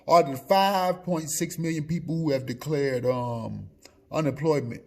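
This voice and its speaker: A man with a husky voice, ranting loudly and profanely, swinging between shouts and mutters. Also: a little high, a little slow. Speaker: blogger. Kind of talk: profane off-the-cuff rant.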